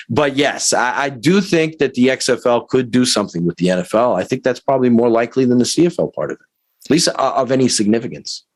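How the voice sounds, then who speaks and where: A man's voice: mid-range voice, dry recording. A man, a sports league insider, talking casually on a call, thoughtful and hedging with many fillers. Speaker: guest football league insider.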